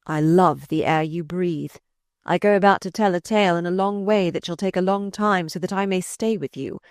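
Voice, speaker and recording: A woman's voice: on the low side, darkish tone, clean tone, no echo, studio quality, close to an everyday voice. A woman reading a sardonic mocking courtier. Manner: mocking, drawn-out. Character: sardonic older male courtier, mocking and malicious.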